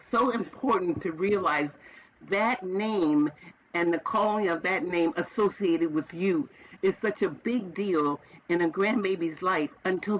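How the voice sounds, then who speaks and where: A woman's voice: on the low side, rough recording. A woman in her seventies, guest on a podcast, telling heartfelt stories in an emphatic way and repeating phrases for effect. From American South. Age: 70s. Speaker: podcast guest, retired teacher. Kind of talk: heartfelt conversational storytelling.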